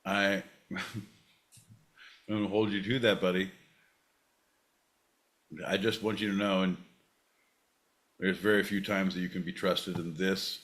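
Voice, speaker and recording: A man's voice: deep voice, level tone, takes it slowly, pauses often, fairly bright tone. A man hosting a podcast, announcing and joking in a profane, showman style. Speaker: podcast host. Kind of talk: rowdy comedic podcast banter.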